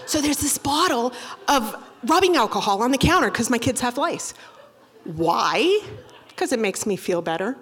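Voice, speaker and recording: Middle-aged woman comic, profane and animated, pitched high. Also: normal speed, slightly rough. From Boston. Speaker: stand-up comedian. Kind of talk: stand-up storytelling.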